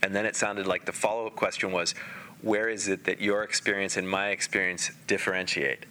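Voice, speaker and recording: A man giving a spiritual talk to a live audience, telling stories in a lively way with frequent laughs and restarts. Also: low-pitched, fairly quick, a little hiss or hum. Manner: animated storyteller, laughs often, many restarts. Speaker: spiritual teacher. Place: meeting room with a live audience.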